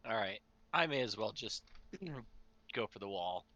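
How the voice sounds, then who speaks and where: Low guy player, sharp tone, umming through his damage math. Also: animated, fairly quick, muffled recording. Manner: hesitant, working out damage aloud. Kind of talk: tabletop game play.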